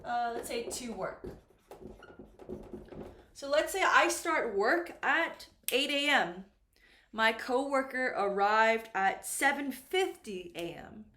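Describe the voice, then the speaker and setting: A woman teaching an English lesson at a whiteboard, slowly and patiently, repeating the key words. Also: fairly high pitch, sharp tone. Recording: echoey room.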